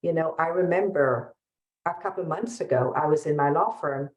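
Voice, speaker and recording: Low-voiced woman lawyer, echoey room. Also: normal speed, darkish tone. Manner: earnest, storytelling. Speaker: refugee lawyer. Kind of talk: webinar panel talk.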